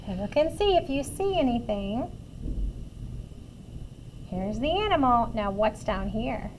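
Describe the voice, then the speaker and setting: Woman reading a kids' picture book, high voice, slow, lots of ups and downs, light noise behind. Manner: animated, asks listeners questions about the pictures. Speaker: children's story reader.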